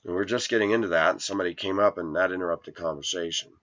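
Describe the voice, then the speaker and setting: A man's voice: low-pitched, quick pace, fairly bright tone, highs cut off. A man in his forties telling a rambling personal story in an indignant, preachy way to his viewers. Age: 40s. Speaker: vlogger.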